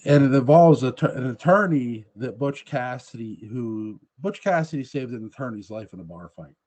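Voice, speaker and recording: A man's voice: mid-range voice, expressive, moderate pace, darkish tone. A man hosting a movie review podcast, talking in a loose, rambling way and laughing often. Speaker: podcast host. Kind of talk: casual movie review chat.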